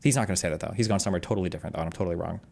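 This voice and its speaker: A man streaming a reaction to a video, talking casually with sarcastic loud outbursts and mocking laughs. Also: deep voice, racing, vocal fry.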